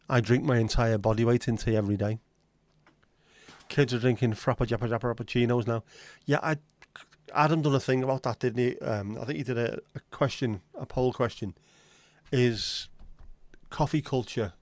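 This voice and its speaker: A man's voice: medium pitch, a little mellow, no echo. A man, hosting a casual livestream chat with sweary, sardonic rants. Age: 50s. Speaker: livestream host.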